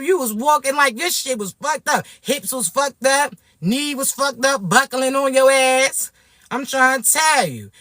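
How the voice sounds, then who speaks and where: A woman from Florida, ranting to camera in a brash, profane, animated way. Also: high-pitched, no room sound, clean studio sound. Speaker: vlogger. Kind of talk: casual rant to camera.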